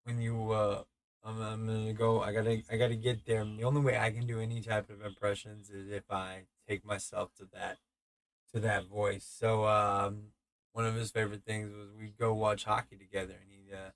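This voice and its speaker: A man's voice: on the low side, level tone, moderate pace, dry recording. A man in his thirties hosting a podcast alone, telling stories in a rambling, profane way with many stammers and restarts. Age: 30s. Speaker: podcast host. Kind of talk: casual storytelling.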